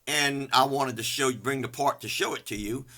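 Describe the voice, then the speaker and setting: An older man preaching an energetic, folksy sermon, animated and self-mocking, swinging from loud outbursts to hushed asides. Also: medium pitch, normal speed. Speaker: pastor.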